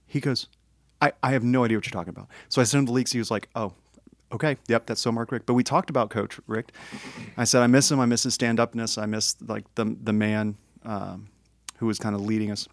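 A man's voice: fairly low pitch, brisk, dry recording, clean studio sound. A man co-hosting a casual podcast chat, telling a story and acting out the quotes. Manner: animated storyteller, acts out quotes. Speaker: podcast co-host.

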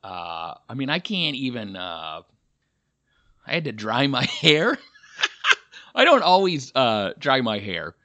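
A man's voice: mid-range voice, big pitch swings, slow pace, pauses often, pushed and bright. A male comedian talking through a casual, rambling monologue, full of fillers and self-deprecating asides. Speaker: comedian and podcast host.

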